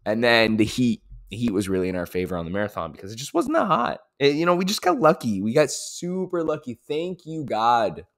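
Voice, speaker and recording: A man talks through his race in a casual podcast recap, his pitch swinging up and down with lots of energy. He gets pumped up, repeats lines for emphasis and drops swear words. He sounds like an athlete reliving a hard-won result. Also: sing-song, fairly quick, few pauses.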